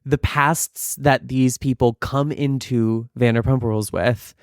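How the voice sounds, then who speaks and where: A man's voice: mid-range voice, steady tone, measured pace, dry recording, studio quality. A man co-hosting a podcast in casual chat, theatrical and profane, with a joking delivery. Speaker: podcast co-host.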